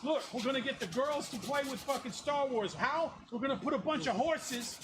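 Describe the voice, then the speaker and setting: A man's voice: very high voice, fairly quick. A man chatting and joking in a workshop, swearing a lot, his voice run through a voice changer. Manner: profane, joking, mimics others. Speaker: shop owner hosting open shop. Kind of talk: casual workshop banter. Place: noisy prop workshop. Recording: sanding noise in workshop.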